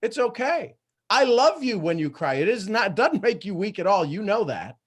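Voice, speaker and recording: A man in his fifties hosting a live coaching call, blunt and emphatic, swinging between loud lines and hushed ones. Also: high voice, sing-song, normal speed, slightly rough. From Ireland. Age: 50s. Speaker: host and coach.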